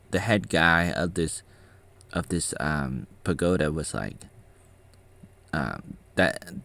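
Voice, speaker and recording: Man, low voice, rambling casual reaction vlogger. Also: a bit bright. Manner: rambling, with frequent restarts. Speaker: vlogger reacting to his own documentary.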